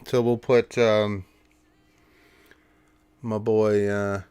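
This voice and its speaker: Man, livestream host, casual rambling chat, lowish smooth voice, dry close sound. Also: flat delivery, very slow, a little mellow, dry recording. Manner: loose, rambling, full of fillers. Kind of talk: casual stream chat and sign-off.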